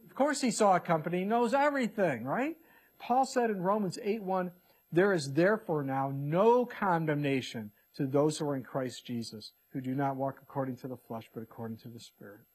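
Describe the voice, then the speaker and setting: Husky-voiced man preaching a sermon. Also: a little high, moderate pace. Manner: swings from hushed to emphatic, reads scripture aloud. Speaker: pastor.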